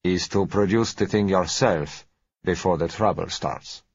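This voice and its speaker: A man voicing a sleek foreign oil dealer who talks politely, gently and without hurry. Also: sits low, unhurried, slightly rough, heavily acted. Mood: smooth, polite. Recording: dry, slightly dull recording.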